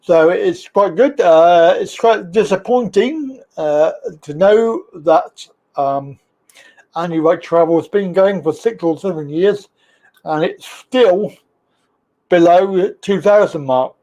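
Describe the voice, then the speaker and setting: This is a man with a Birmingham accent chatting on his own live stream. His voice sits high, and he rambles casually from one subject to the next, teasing whoever comes on. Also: slow pace, mellow, highs cut off. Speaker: livestream host.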